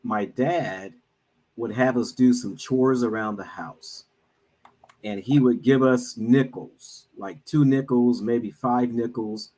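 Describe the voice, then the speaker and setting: A middle-aged man speaking as a guest on an online talk, telling a personal story in an earnest, measured way with frequent pauses. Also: mid-range voice, steady tone, dark tone, low-quality recording. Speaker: guest speaker, minister and financial advisor.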